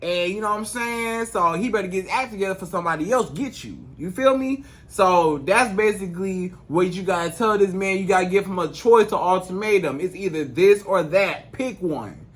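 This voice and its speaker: Speaking at normal speed with hardly any pauses, this man has a high-pitched voice. Acting as a dating coach, he gives direct-to-camera advice that is emphatic, repetitive, and full of casual slang.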